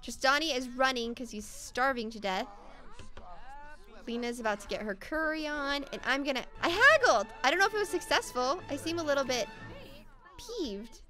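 A high-pitched, bright-toned woman narrates her gameplay in a chatty let's-play style. Her voice swoops up and down with excitement, and she gasps often as things happen on screen. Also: moderate pace, faint music behind. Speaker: gaming channel host. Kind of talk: casual let's-play commentary.

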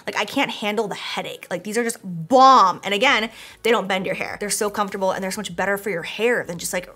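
A woman's voice: mid-range voice, a bit bright. A young woman chatting casually in a product review vlog, gushing and talkative, with lots of "like" and casual swearing. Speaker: beauty vlogger.

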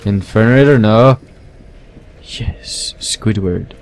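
A young man giving goofy, casual commentary over his own gameplay, talking to his weapons and now and then yelling at them. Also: mid-range voice, animated, slow, pauses often. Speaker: let's play gamer. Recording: faint game noise behind. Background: game gunfire.

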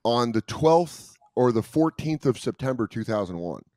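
A man, a comedian, telling stories in a casual podcast chat and slipping into quick impressions of other comics. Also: mid-range voice, animated, a little mellow, dry recording, clean studio sound. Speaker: comedian guest.

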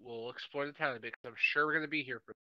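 A man's voice: mid-range voice, fairly even intonation, racing, bright, forceful tone, no room sound, lo-fi sound. A man playing a tabletop game, chatting casually and joking with the table. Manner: joking and playful. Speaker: player.

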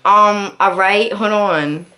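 A woman's voice: mid-range voice, slow pace, pushed and bright, soft background music, pitched below the performer's own voice. A woman voicing a sassy young New York woman on a video call, talking with defensive attitude. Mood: hesitant.

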